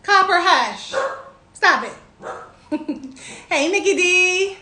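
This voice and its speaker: A young woman hosting a casual livestream, greeting viewers by name in bubbly, drawn-out sing-song tones. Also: very high-pitched, expressive, pushed and bright, reverberant, a little hiss or hum.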